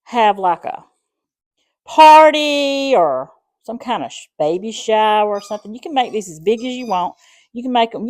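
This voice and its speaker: A middle-aged woman with a South Alabama accent, chatting through a home cooking demonstration in a folksy, rambling way. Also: mid-range voice. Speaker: home cooking channel host.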